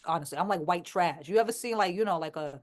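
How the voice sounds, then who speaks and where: A woman's voice: lowish voice, quick pace. A woman rapper from Queens with a New York accent, talking bluntly and with plenty of swearing as an interview guest. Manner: blunt, profane, animated. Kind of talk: casual interview chat.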